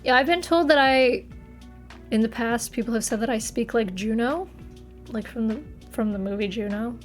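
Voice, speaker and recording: A woman's voice: on the high side, moderate pace. A young adult woman with a northern US accent, chatting casually on a livestream, giggly and playful as she answers viewers. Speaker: streamer. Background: faint background music.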